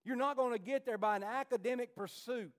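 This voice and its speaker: A man preaching a sermon as pastor of a church, pleading and impassioned, his voice swinging from hushed to rising. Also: very high voice, brisk.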